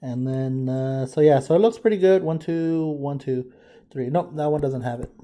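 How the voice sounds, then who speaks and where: A man's voice: fairly high pitch, moderate pace, mellow. A man teaching a math lesson, thinking aloud casually as he works problems and addresses the class as guys. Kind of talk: informal lesson walkthrough.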